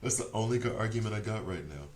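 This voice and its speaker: A man streaming a video game, chatting casually and rambling as he second-guesses his choices out loud. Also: fairly low pitch, expressive, fast, roomy sound. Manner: chatty, rambling, self-correcting. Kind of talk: casual gameplay commentary.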